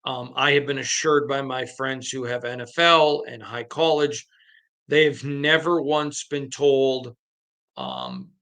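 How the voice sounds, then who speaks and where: A man's voice: mid-range voice, lively intonation, slow pace, sharp tone. A man hosting a sports podcast, talking alone in an emphatic storytelling manner and retelling conversations. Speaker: podcast host. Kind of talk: solo sports podcast commentary.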